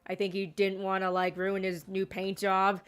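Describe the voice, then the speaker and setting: A woman's voice: mid-range voice, completely flat delivery, normal speed, a bit bright, smooth. A woman giving casual gameplay commentary, rambling with sarcastic asides. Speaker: gaming streamer.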